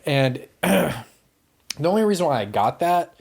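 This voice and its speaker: A man co-hosting a podcast, chatting casually about movies in a rambling, animated way, swearing and acting out quotes. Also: a little high, unhurried, gravelly. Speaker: podcast co-host.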